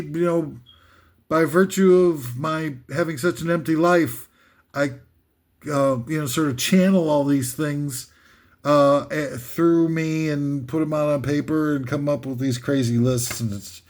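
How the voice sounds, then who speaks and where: An older man with a somewhat higher voice reads out a comic list in a rambling, deadpan monologue. He stumbles through fillers and restarts and chuckles at his own jokes. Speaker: host reading a comic list.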